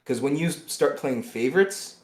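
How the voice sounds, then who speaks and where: A man co-hosting a podcast, delivering a heated political rant that swings between loud outbursts and low muttering. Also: expressive, normal speed, echoey room. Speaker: podcast co-host.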